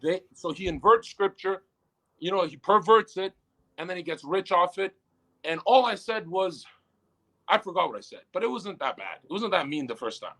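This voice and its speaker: A young man, a guest in a casual interview, ranting with lots of swearing and swinging between muttered asides and loud outbursts. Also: high-pitched, lively intonation, moderate pace, low-quality recording.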